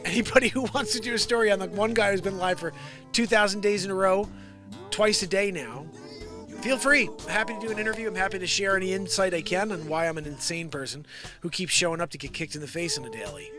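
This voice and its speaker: A man hosting a daily comedy livestream, rambling and riffing on the news and greeting viewers by name. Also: fast talker. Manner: rambling, riffing, puts on squeaky voices for quoted people. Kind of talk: improvised comedy livestream chat. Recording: music playing loudly behind. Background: music.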